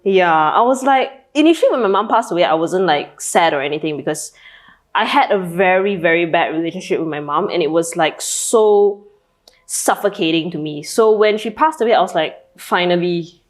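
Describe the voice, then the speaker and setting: Brief: young Malaysian woman co-host, lower voice, candid and reflective in casual chat. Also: expressive, moderate pace. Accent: Malaysian English. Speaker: podcast co-host.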